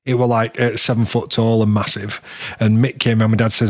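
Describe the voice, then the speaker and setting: A man's voice: fairly low pitch, level tone, brisk, no room sound. A man hosting a podcast, telling rambling workshop stories in a casual chat and laughing often. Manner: rambling storyteller, laughs often, mimics people he quotes. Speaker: podcast host. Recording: dry studio sound.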